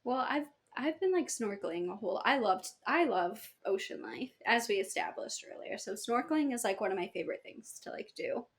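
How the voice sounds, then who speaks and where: A woman's voice: fairly high pitch, lively intonation, brisk, hardly any pauses. A woman co-hosting a podcast in a casual chat, reacting to her friend and starting her own story with hesitant fillers. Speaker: podcast co-host.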